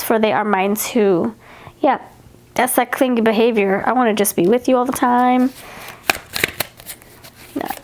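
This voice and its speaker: A woman's voice: fairly high pitch, background noise. A woman giving a pick-a-card tarot reading, chatting casually, repeating herself and reading card messages aloud. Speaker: tarot reader.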